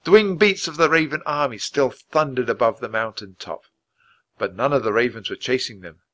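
A man reading a children's book aloud in an expressive, clear, measured way. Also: medium pitch. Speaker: storybook reader.

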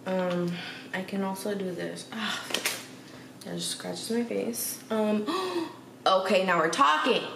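A woman's voice: mid-range voice, slow pace, gravelly, a bit bright. A woman vlogging at home in a chatty, sassy, slangy way, talking straight to her viewers. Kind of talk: casual vlog chat. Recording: echoey room, distant from mic, noisy.

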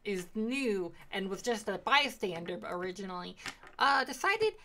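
A young woman tells the story of her tabletop campaign in a loose, rambling way, cursing freely and dropping into quick quoted lines. Her pitch sits in an ordinary middle range. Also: vocal fry, sharp tone. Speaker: player recapping a tabletop campaign. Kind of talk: casual recap of game sessions.

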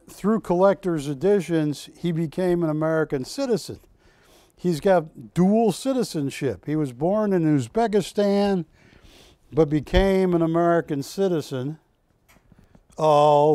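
A male shopping channel host leads a live sales presentation, chatty and full of anecdotes. He speaks slowly in a mellow, somewhat high voice. The sound is dry and close. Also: clear, resonant tone, no echo.

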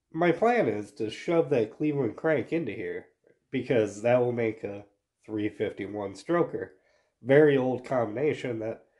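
A man's voice: on the low side, a little mellow. A man with a stuffy nose from a cold, talking in a nasal voice as he casually explains a job in his garage. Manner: folksy, hands-on explaining. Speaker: garage channel host. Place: home garage.

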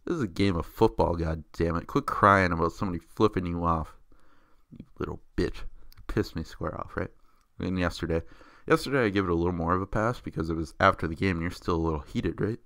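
A man with a low, deep voice rants loosely about football, swearing freely and jumping between excitement and mockery. He is recorded up close, with a dry sound and no room echo. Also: quick pace, creaky. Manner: profane, excitable, mocking. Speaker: sports vlogger. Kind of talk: casual football rant.

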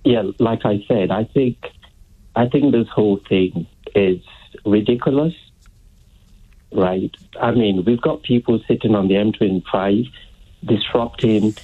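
A man's voice: fairly low pitch, measured pace, slightly rough. A man calling a radio phone-in, ranting indignantly about protesters and climate talk. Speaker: caller. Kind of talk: phone-in call. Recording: tinny phone line.

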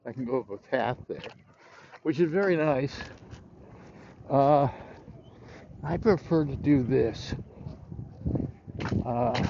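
The recording is muffled with a faint hiss or hum as an older man, voice mid-range and warm, livestreams from a big city park. He hosts casually, rambling and chatty, breathless from walking, with frequent pauses.

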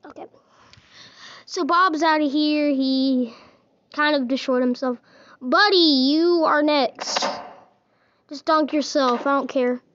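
A woman's voice: high voice, slow pace, long pauses, muffled recording, noisy background. A woman giving casual, playful gameplay commentary, teasing and chatting to the characters in her game. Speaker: gaming video host.

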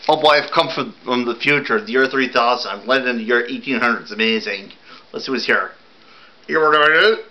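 A man voicing an excitable male time traveler from the future, wide-eyed and rambling. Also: medium pitch, a little fast, poor audio. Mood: excited.

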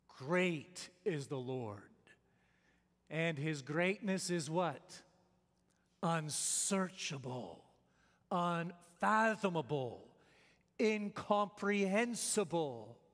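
A man delivering a sermon in a slow, measured cadence, setting up rhetorical questions and then answering them himself. His voice sits a little high for a man and carries a long church reverb around it. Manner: slows down to stress key phrases. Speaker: preacher. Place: church sanctuary.

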